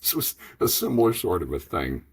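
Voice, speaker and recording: Husky-voiced man in his fifties. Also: sits low, fairly quick. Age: 50s. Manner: rambling, animated storyteller acting out dialogue. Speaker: franchise investor guest. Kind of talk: storytelling in a podcast interview.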